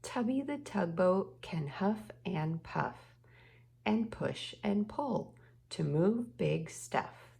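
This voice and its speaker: A woman teaches phonics to small children in a very slow, careful voice. Her voice sits low and has a slight gravelly edge, and she draws out every sound so the children can follow. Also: animated, a little mellow. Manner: patient, stretches out each sound and word.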